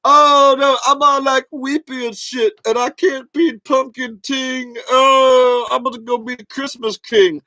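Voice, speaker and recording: Guy doing a whiny selfish skeleton king, high and bright, self-pitying. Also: steady tone, a little slow, few pauses, no room sound, heavily acted.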